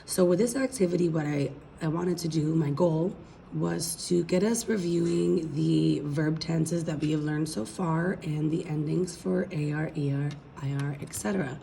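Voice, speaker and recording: A woman's voice: low-pitched, fairly even intonation, normal speed, vocal fry, warm tone, a little hiss or hum. A woman teaching a recorded language lesson, explaining patiently step by step and checking in with her students. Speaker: Spanish teacher.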